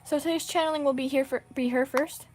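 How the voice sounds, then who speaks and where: A woman's voice: high voice, steady tone, fast, a little mellow, faint music behind, pitched above the performer's own voice, lightly acted. A woman voicing a curious young male lawyer in her own plain reading voice.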